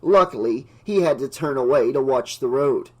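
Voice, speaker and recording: A man reading an audiobook, narrating the story in a steady, even way. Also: medium pitch, normal speed.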